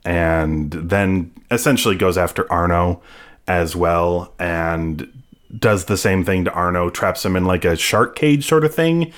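A man's voice: low voice, measured pace, fairly bright tone. A man casually recapping a TV episode as a podcast host, rambling along with fillers and playful asides. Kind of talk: casual chat.

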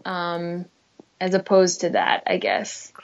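A woman's voice: fairly low pitch, completely flat delivery, slow pace, vocal fry, dull audio. A woman co-hosting a casual chat about movie trailers, hesitant and full of fillers. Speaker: co-host reacting to movie trailers.

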